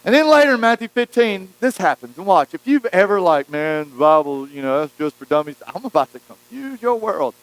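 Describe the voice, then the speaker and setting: A man preaching a sermon, telling a Bible story with lively acted-out quotes. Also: sits high, brisk, hardly any pauses, no room sound, low-quality recording. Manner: animated storytelling, acting out quotes. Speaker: pastor.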